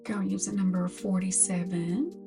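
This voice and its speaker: A woman's voice: mid-range voice, fairly even intonation, vocal fry, music in the background. An older woman giving a chatty makeup tutorial as a beauty vlogger, talking through products one by one. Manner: slow, chatty product talk.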